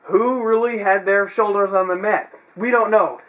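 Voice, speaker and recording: Casting note: young male reviewer, high-pitched, chatty and sarcastic, loose recap delivery. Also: steady tone, normal speed, a bit bright. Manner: chatty, sarcastic asides, frequent fillers. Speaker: wrestling show reviewer. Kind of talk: casual spoken show recap.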